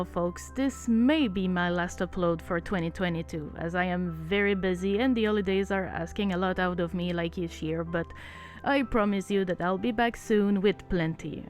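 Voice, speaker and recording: French Canadian woman narrating her craft vlog. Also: mid-range voice. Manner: chatty, self-deprecating, sincere. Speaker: doll artist narrating her build. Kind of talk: voice-over narration of a craft video. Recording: voice-over with faint background music.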